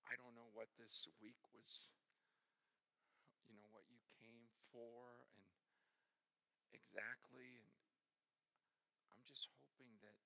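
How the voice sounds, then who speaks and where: A man preaching at a conference, telling stories emphatically, dropping to a hush and rising to loud, impassioned peaks. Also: mid-range voice, vocal fry. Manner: emphatic storytelling, swings from hushed to loud and impassioned. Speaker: pastor. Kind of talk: conference sermon. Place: conference hall. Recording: speech in a large reverberant hall.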